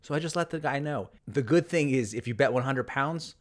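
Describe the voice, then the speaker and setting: A man's voice: mid-range voice, a little fast. Sarcastic man narrating online drama. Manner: sarcastic, mock-dramatic storytelling. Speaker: golf channel host. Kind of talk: narrated commentary reading tweets aloud.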